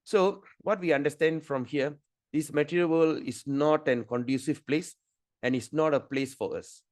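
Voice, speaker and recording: A man's voice: on the high side, moderate pace, darkish tone, dry recording. A middle-aged man teaching a scripture class over a video call, telling stories and often repeating and restarting his phrases. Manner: repeats words and restarts phrases, rambling storytelling. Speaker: spiritual teacher.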